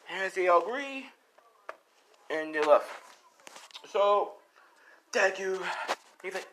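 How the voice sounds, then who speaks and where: A man's voice: high voice, animated, slow pace, long pauses, a bit bright. Young guy rambling through a fan story, swears a lot, bouncy voice, noisy mic. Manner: rambling, swearing, lots of fillers. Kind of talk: casual improvised story narration. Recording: noisy home recording.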